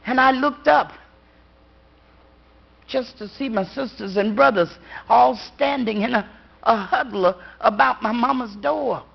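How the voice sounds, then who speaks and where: Slow, gravelly woman storyteller. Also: fairly high pitch. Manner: slow, dramatic, rhythmic telling with long pauses. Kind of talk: spoken ghost story told to a live audience. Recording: dull lo-fi live recording.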